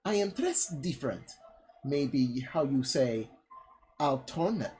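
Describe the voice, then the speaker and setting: A woman voicing a scheming female game merchant, reading the dialogue slowly with an exaggerated, stereotyped French accent. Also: a bass voice, sing-song, mellow, heavily acted, poor audio. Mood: hammy. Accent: put-on stereotyped French. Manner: slow, drawn-out, hammy line reading.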